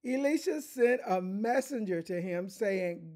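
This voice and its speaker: Brief: unhurried, chatty preacher who laughs between lines and repeats key phrases. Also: mid-range voice. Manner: animated, chuckling often, conversational and repetitive. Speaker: Bible teacher. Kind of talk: informal Bible teaching.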